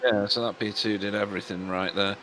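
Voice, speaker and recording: A man doing chatty live commentary on a sim race, quick to exclaim at the action. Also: fairly low pitch, level tone, background noise.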